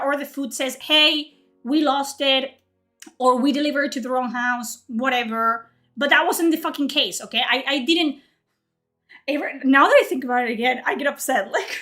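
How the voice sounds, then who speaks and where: Late 20s woman streamer, high voice, fired up, swearing a lot, faint music behind. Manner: heated, profane, animated retelling. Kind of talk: casual storytelling rant.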